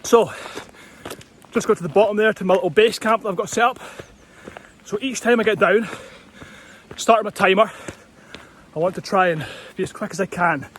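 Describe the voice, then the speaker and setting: Hiking up a steep hill, this man from Scotland, a running vlogger, talks casually to camera, grows out of breath and admires the view. He's high-pitched and a bit bright, at normal speed, with slight background noise.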